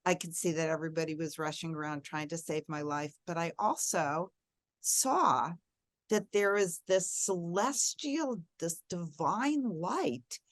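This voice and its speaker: A woman's voice: lowish voice, unhurried, no room sound, clean studio sound. A middle-aged woman, a guest in an interview, telling a personal story in an earnest, reflective way and leaning on key words.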